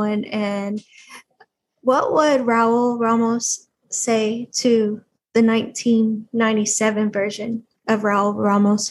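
A woman with a fairly high voice, co-hosting a podcast as a Navy recruiter. She asks her questions hesitantly, with plenty of fillers. A faint noise sits under her voice. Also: poor audio. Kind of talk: casual interview questions.

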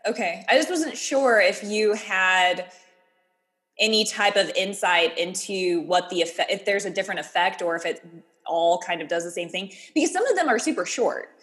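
A woman's voice: medium pitch, expressive, moderate pace, fairly bright tone. A woman hosting an interview, backing up her guest and asking loose, rambling questions. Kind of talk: casual interview.

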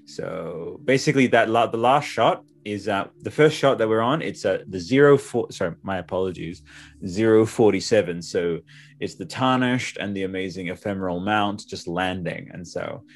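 A man's voice: on the low side, lively intonation, moderate pace. A man hosting a podcast, chatting casually with lots of enthusiasm and casual swearing. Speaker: podcast host.

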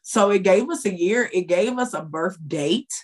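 A woman tarot reader chatting as a podcast guest, her voice sitting at an everyday middle pitch. She tells her story in a loose, lively, conversational way with plenty of slang. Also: normal speed, husky. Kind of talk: casual storytelling.

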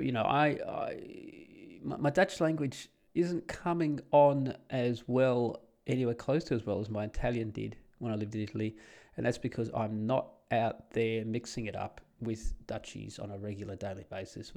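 A man's voice: medium pitch, fairly even intonation, moderate pace, gravelly. An Australian man talking casually and bluntly on his solo podcast, rambling with sardonic asides. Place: home in the Netherlands.

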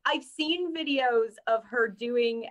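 A woman co-hosts a chatty podcast, her voice a bit high and bouncy as she jokes and mimics people. The sound is slightly dull and lo-fi. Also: slow pace. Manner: animated and joking, mimicking others. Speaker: co-host reading the news topics. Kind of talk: casual podcast chat.

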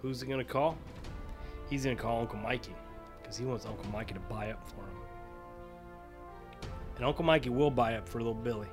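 Casting: male podcast host, mid-pitched, loose and profane storyteller. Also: fairly quick, pauses often, music in the background. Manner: profane, digressive, animated. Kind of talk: rambling comic storytelling.

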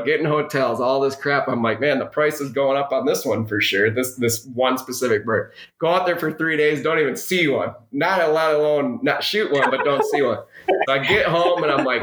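Podcast guest, male, middle pitch, chatty storyteller, roomy echo. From Minnesota. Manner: rambling, animated anecdote with quoted dialogue. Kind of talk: casual storytelling.

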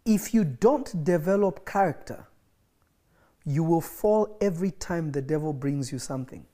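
A man's voice: on the high side, lively intonation, moderate pace, mellow. A man preaching an emphatic livestreamed sermon, repeating phrases for effect, with coughs and laughs between points.

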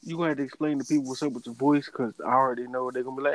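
A man in casual chat, arguing his point in a quick back-and-forth. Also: mid-range voice, steady tone, low-quality recording.

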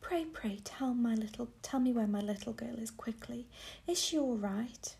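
A woman reading aloud voices an anxious mother searching for her little girl in a soft whisper, as whispered role-play. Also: on the high side, normal speed, gravelly.

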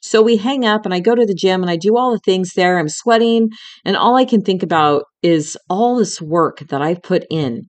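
A woman's voice: fairly low pitch, moderate pace. A middle-aged woman hosting a podcast, telling a personal story in a candid, emotional way, with some swearing and talking straight to the listener as a friend. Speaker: podcast host.

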